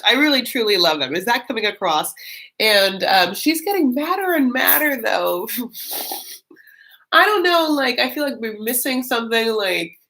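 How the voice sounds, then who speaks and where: A woman's voice: a little high, sharp tone. Giggly, rambling woman streamer. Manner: chatty, giggly, rambling with many fillers. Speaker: live-stream host reacting to a reality show. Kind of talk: casual live-stream chat.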